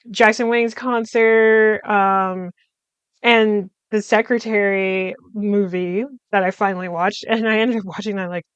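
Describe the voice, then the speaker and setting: Young woman host, casual rambling vlog talk, slow and smooth. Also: medium pitch, dry recording, dull audio. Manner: rambling, chatty, with frequent fillers and laughs. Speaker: podcast host. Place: room at home.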